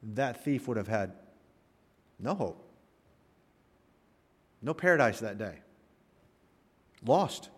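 A man preaching a sermon, building to emphatic peaks and dropping into slow, quiet pauses. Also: on the low side, sing-song, husky, in a large hall. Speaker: pastor.

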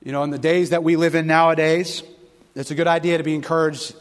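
Guy preaching in a church, high voice, gets loud and fervent telling stories. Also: quick pace. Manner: animated storytelling, rising to loud fervent passages. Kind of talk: sermon. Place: church sanctuary. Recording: long hall reverb.

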